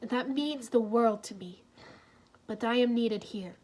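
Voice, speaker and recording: A woman voicing a brave young woman who speaks slowly, earnestly and solemnly. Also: a little high, darkish tone.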